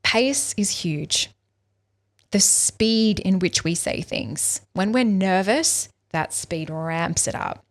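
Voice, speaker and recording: A woman's voice: medium pitch, expressive, slow. An Australian woman, a speaking coach, explaining vocal tips as a podcast guest and acting out examples in different tones. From Western Australia.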